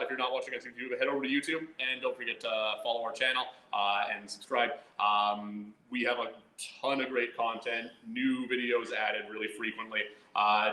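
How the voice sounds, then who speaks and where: Bright-voiced laid-back man in an echoey shop. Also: mid-range voice. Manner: laid-back, chatty, says "man" a lot. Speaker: co-host of a knife sharpening show. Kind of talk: casual live-stream chat. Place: knife shop.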